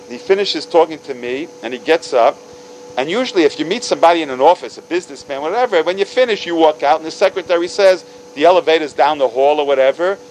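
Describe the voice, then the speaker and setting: A man in his fifties telling stories to a religious audience, animated, acting out dialogue with big jumps in pitch and sprinkling in Hebrew and Yiddish words. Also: fast, a little hiss or hum, poor audio. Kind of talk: storytelling talk.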